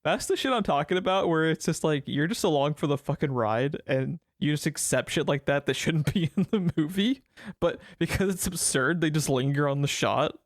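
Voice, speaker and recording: A man's voice: a little high, moderate pace, dry recording, clean studio sound. Swearing, rambling man on a podcast. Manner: swears a lot, rambling and enthusiastic. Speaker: podcast co-host. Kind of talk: casual film review chat.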